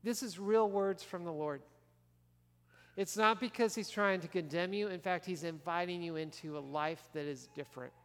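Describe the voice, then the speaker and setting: A man's voice: sits high, moderate pace, a bit bright, clear, resonant tone. A male pastor preaching a conversational sermon in church, asking the congregation questions as he goes. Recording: long reverb of a large church hall.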